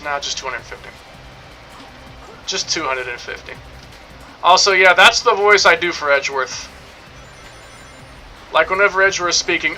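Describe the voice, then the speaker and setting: Bright-voiced joking young man streamer. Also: on the high side, normal speed, pauses often, soft background music, low-quality recording. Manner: rambling, jokey, swears casually. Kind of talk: casual gameplay commentary.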